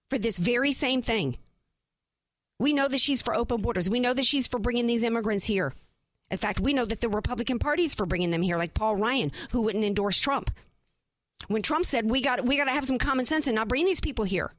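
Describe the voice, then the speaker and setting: Woman, radio host; emphatic, fired-up monologue, brighter pitch, dry studio sound. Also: dry recording. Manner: impassioned, emphatic, rhetorical questions. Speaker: radio talk show host. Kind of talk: opinionated talk radio monologue.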